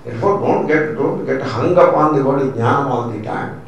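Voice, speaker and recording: Indian guy, a swami giving an emphatic scripture lecture, mid pitch, really echoey room, mic kinda far. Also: normal speed, vocal fry. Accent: Indian English. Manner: emphatic, repeats key points, mixes in Sanskrit terms.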